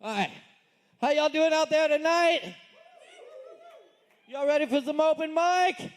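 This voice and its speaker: A man with a strikingly high voice reads a poem aloud at a live open mic in a bar. His delivery is intense and pleading, repeating lines and swelling into shouts. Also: fairly even intonation, measured pace. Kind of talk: dramatic poetry reading.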